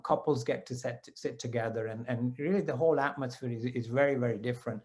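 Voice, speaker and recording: Man in his fifties, mid-pitched, telling a devotional story conversationally, with asides and self-corrections. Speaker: devotee sharing personal experiences. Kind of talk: personal storytelling talk.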